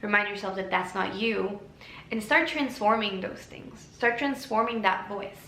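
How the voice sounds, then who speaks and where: A woman's voice: medium pitch, moderate pace, loud music behind the voice. Earnest woman in an echoey room. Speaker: lifestyle creator. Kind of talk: casual self-help talk to camera.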